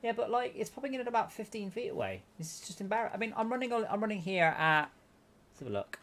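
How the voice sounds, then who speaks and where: Lively man griping over gameplay. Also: high voice, quick pace. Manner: exasperated running commentary, stumbling restarts. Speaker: streamer hosting a game night. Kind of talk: casual gameplay chat.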